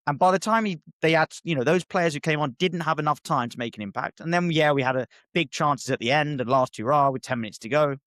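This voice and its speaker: A man co-hosting a football podcast, talking in animated, exasperated bursts. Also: on the high side, quick pace, hardly any pauses, no echo, studio quality. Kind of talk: casual football chat.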